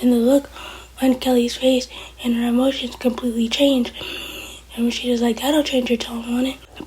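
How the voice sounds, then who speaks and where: High-voiced woman recapping a TV episode. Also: dark tone. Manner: retells scenes by quoting characters with "is like". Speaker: TV episode reviewer.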